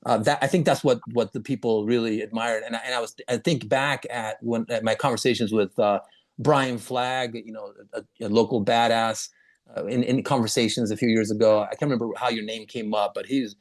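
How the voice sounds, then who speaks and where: A man hosting a casual interview, talking in a halting way with many restarts and quick laughs. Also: medium pitch, steady tone. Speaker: podcast host.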